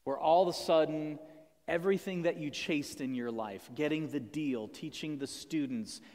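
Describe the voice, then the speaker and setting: A man preaching a sermon, telling the story in a lively way with humorous asides. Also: fairly high pitch, moderate pace. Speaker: pastor. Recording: long hall reverb.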